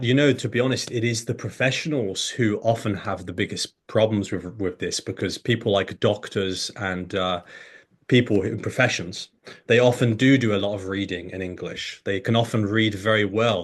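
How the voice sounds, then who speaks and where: An English teacher, a man with a fairly low voice and moderate pace, explains things conversationally and animatedly, acting out pronunciation examples along the way.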